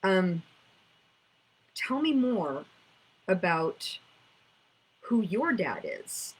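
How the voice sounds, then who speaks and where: A woman's voice: medium pitch, big pitch swings, extremely slow, slightly rough, rough recording. A woman, teaching about inner child work in a casual storytelling way, acting out conversations. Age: 50s.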